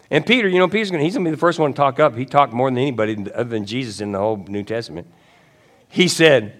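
A pastor giving a sermon in a chatty, rambling way, with asides and self-corrections, sometimes acting out quoted lines. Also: male voice, sing-song, fast talker. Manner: conversational preaching, acts out quotes with rising pitch and shouts.

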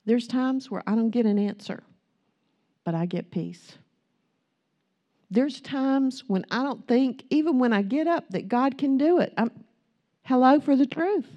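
A woman's voice: high voice, animated, unhurried, long pauses, dark tone, dull audio. A middle-aged woman giving a sermon-style testimony to a congregation, chatty and candid, telling stories about her family. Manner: storytelling, chatty and candid, acts out quotes. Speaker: pastor's wife speaking to a congregation.

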